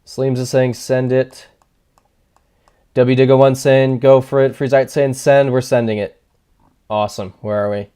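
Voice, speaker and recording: A warm, clear, resonant male voice at medium pitch speaks in a level tone, a bit slowly, with frequent pauses. Streaming a game, he chats casually with viewers, reads their messages, thinks aloud and teases himself.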